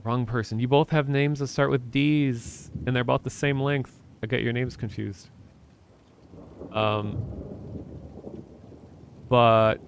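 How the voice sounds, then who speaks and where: A man's voice: medium pitch, fairly even intonation, slow, creaky, pauses often, a little hiss or hum. A man from Minnesota chatting in a rambling, casual way to his viewers while he plays a game. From Minnesota, USA. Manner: rambling, chatty, talks to chat. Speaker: livestreamer. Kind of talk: casual chat while playing games.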